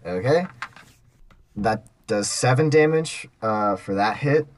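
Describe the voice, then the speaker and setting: A man's voice: fairly low pitch, lively intonation, slow, a little hiss or hum. A man playing a tabletop role-playing game, talking casually and thinking aloud with fillers. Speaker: player.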